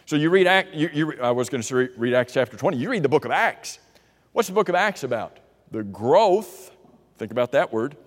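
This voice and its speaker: A man with a slightly high voice preaching a sermon. He talks in an easygoing, conversational way and keeps asking the congregation questions. His voice carries a long reverb through a church hall. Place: church auditorium.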